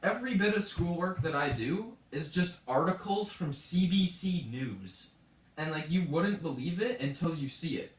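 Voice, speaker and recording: Ranting on stream about his school, a teenage boy from Canada swears often, sounds frustrated, and retells scenes using quoted voices. His fairly high voice is animated at a normal pace, and he sits far from the mic in a room with echo.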